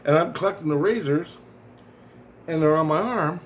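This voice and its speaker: A man's voice: a little high, moderate pace. Man, vlogger, rambling personal story, profane, self-correcting, faint background hum.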